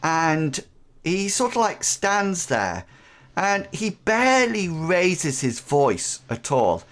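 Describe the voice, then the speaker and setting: A man running an online tabletop game as game master, narrating in a halting way with many pauses. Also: high-pitched, very animated, a bit bright. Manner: halting, with frequent pauses and fillers.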